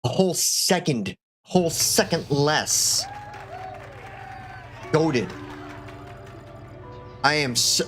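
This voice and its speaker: A man giving casual gameplay commentary as a streamer, excitable and joking, swearing often. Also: a little high, very slow, pauses often, some chatter behind. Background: game music.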